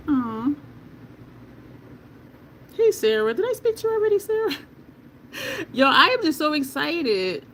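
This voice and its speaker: An excitable, chatty beauty livestream host swatching makeup at home and talking straight to the chat. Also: mid-range voice, slight background noise. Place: at home in Delaware.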